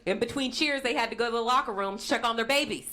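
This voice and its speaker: A woman's voice: a little high, fast talker. A young woman performing a crude, punchy stand-up set on a stage mic. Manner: brassy, crude, punchy delivery. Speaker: stand-up comedian. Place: comedy show stage before an audience. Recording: noisy live show with crowd.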